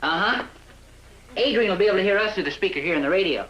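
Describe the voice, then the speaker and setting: An actress in a 1960s sitcom playing a matter-of-fact radio operator. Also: female voice, medium pitch, expressive, fast, a bit bright, highs cut off, lightly acted.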